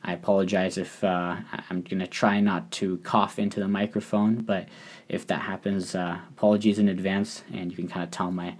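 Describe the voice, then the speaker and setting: A man with a lowish voice talks through his solo podcast in a loose, rambling way, stopping and restarting often. A recent cold leaves his voice a little hoarse and scratchy. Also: flat delivery, moderate pace. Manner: rambling, hesitant, many fillers and restarts. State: recovering from a cold, slightly hoarse. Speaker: podcast host. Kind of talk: casual solo podcast talk. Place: living in Japan.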